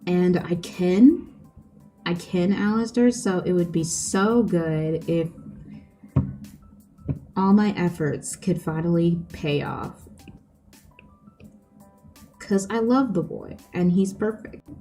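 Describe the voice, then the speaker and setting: Mellow-voiced chatty young woman streamer. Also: fairly low pitch, takes it slowly, long pauses, soft background music. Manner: chatty, giggly, lots of fillers. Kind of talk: casual chat with livestream viewers.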